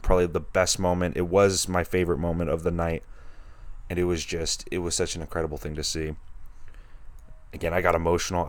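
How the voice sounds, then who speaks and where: A low-voiced man hosts a podcast, chatting casually as an eager film fan who rambles and keeps restarting his sentences. The recording has no room sound.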